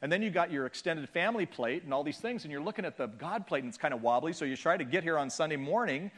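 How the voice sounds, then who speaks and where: A man's voice: fairly high pitch, animated, fast talker, a bit bright. A middle-aged man speaking to a church audience, telling a humorous, self-deprecating story and acting out the people in it. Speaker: guest speaker and author. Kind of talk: storytelling sermon talk.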